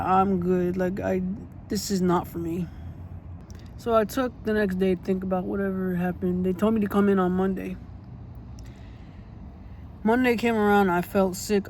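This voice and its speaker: Storytime vlogger, mid-range pitch, fired up and repetitive, cursing casually, light background hiss. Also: warm tone. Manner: blunt and indignant, swears freely; repeats points for emphasis.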